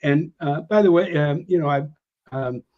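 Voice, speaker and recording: Here an older American veteran, interviewed as a guest, rambles at a moderate pace through casual war stories packed with fillers and restarts. He voices old conversations louder and at a higher pitch. The audio quality is dull and lo-fi.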